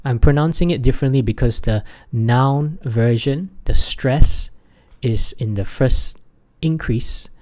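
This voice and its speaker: A man teaching an English exam lesson over slides, halting often with fillers and restarts, and leaning hard on key words. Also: medium pitch, darkish tone. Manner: stresses key words by raising his voice.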